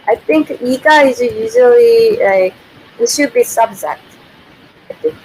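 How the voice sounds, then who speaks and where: Chatty woman teaching, a little high. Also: sing-song, moderate pace, a little mellow, husky, rough recording. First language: Korean. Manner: thinks aloud, self-corrects, laughs often. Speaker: Korean language teacher on a livestream. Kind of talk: casual explanatory lesson.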